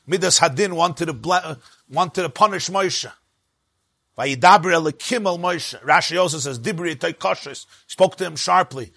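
A man's voice: on the high side, normal speed, creaky, a bit bright, husky, no echo. A man with teaching a Torah lesson, rising and dropping sharply for emphasis. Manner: emphatic, rises and drops sharply for stress.

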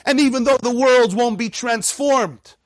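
Male Torah teacher, high-pitched and animated, dry close sound, acts out little dialogues. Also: measured pace, no room sound. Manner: mixes Hebrew text readings with English explanation. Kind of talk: lively Torah class lecture.

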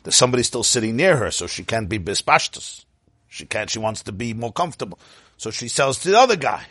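A man giving a lively storytelling talk, laughing often and shouting out his punchlines, with Yiddish and Hebrew phrases mixed in. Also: mid-range voice, fast, slightly rough, no echo, studio quality. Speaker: Torah speaker.

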